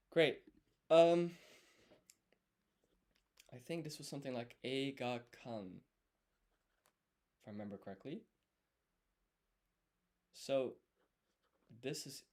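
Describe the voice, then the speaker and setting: A man studying on a live stream, thinking aloud as he writes and explaining each step in a deliberate, self-correcting way. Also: mid-range voice, a little mellow. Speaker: language learner streaming his study.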